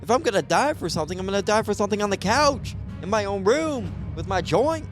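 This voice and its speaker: A man doing a solo comedy podcast, his voice a touch high for a man. He rambles through sarcastic jokes, restarting his sentences as he goes, with faint music in the background. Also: lively intonation, quick pace. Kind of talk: solo stand-up podcast monologue.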